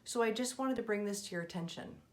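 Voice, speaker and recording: A woman's voice: medium pitch, fast, voice pushed up, natural voice. A woman quoting a friendly female colleague giving frank feedback. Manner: direct, kindly explaining.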